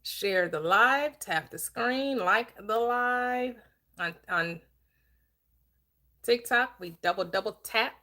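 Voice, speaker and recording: A woman hosting a live-streamed book club, upbeat and chatty, greeting viewers with quick repeated words. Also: fairly high pitch, sharp tone. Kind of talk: live-stream chat and discussion.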